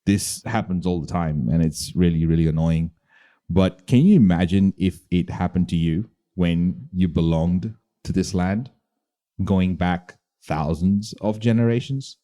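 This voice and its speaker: A man from Bahrain narrates a documentary-style podcast in a measured, dry voice. His pitch sits very low, and the tone is extremely dark and mellow. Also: steady tone. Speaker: podcast host.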